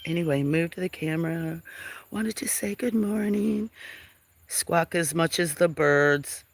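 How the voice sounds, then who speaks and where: Man, sniffling, slow rambling livestream chat, outdoors on a farm, dry close sound. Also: on the high side, gravelly, dry recording. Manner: rambling, friendly, reading chat names aloud, sometimes whispering. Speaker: livestream host. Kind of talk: casual livestream chat greeting viewers. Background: birds.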